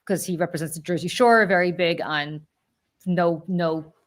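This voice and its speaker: Animated woman telling a story, lowish voice. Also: normal speed. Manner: animated storyteller, many fillers and self-corrections. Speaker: podcast co-host. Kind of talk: casual storytelling chat.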